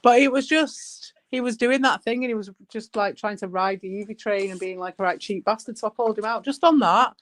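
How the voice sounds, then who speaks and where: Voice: medium pitch, fast, hardly any pauses, a bit bright, rough recording. Rambling voice, casual chat. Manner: rambling, swears freely.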